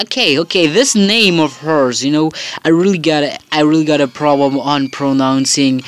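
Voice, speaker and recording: A woman's voice: fairly low pitch, clear, resonant tone. A woman commentating her own game playthrough, rambling and chatty with many fillers. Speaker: gamer. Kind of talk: let's play commentary.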